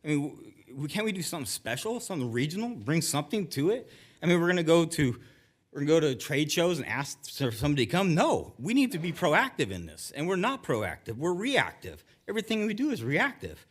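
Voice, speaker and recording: Middle-aged resident, nervous and emotional, stumbles and restarts while reading prepared remarks at a council podium. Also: male voice, fairly high pitch, very animated, a little fast. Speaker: resident giving public comment. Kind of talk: public comment at a council meeting. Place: council chamber.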